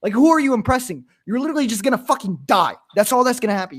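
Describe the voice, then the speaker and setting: A young man from Pennsylvania, a streamer, telling a story in casual chat with lots of swearing and animated energy. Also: extremely high pitch, racing.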